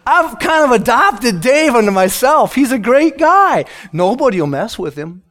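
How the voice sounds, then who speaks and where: Pastor, Midwestern man, high-pitched, emotional sermon delivery with sudden hushed moments. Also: very animated, moderate pace. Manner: emotional, swings from loud emphatic lines to hushed soft ones. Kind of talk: sermon with a personal testimony.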